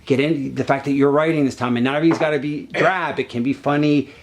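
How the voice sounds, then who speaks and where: A man's voice: mid-range voice, fairly even intonation, quick pace, slight background noise. A man coaching an actor off camera, insistent and profane, repeating himself as he gives directions.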